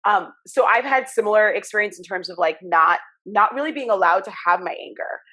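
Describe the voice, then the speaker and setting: A woman hosting a podcast, chatting casually and acting out stories with lively, expressive delivery. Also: mid-range voice, a little fast. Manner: animated storyteller, acts out childhood voices. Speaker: podcast host. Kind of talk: casual conversation.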